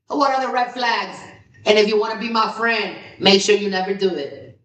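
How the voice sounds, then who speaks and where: A woman hosting a casual solo podcast, excitable and repetitive, swinging between low musing and high, loud exclamations. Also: moderate pace, distant mic. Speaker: podcast host. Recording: roomy, from off the mic.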